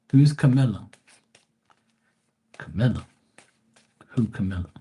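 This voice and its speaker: A man's voice: mid-range voice, darkish tone, husky, low-quality recording. A man with a Bermudian accent, rambling and chatty as he talks casually with viewers on a live tarot stream, swearing now and then.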